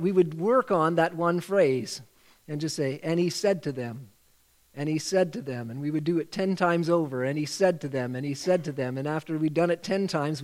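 A man's voice: a little high, a little mellow. A man leading a church Bible study, patiently walking the group through memorizing a verse by repeating phrases aloud. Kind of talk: church teaching on scripture memory.

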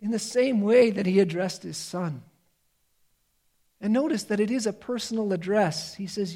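Male preacher with a high voice, earnest and emphatic, swings between loud and hushed. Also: normal speed. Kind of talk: sermon.

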